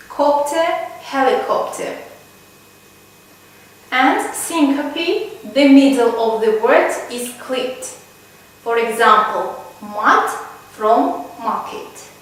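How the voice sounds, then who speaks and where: A woman lecturer explaining word-building terms slowly and deliberately, from Kazakhstan, listing examples one by one. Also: high-pitched. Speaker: university lecturer. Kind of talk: slow recorded lecture. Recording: echoey room, voice far from the mic.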